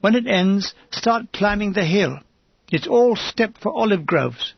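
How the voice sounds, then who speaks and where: A man voicing a weary older army gunner who gives slow, matter-of-fact directions. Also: high voice, animated, gravelly, breathy edge, dry recording, lo-fi sound, full character voice.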